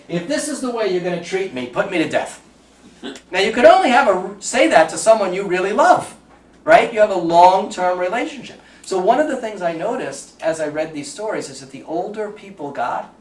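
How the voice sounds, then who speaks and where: Bronx-accented man lecturing in a roomy hall. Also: a little high. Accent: New York (Bronx). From the Bronx, New York. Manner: chatty, jokey storyteller with audience asides. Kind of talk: talk to a live audience. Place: lecture room. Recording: roomy sound, from far off, faint background noise.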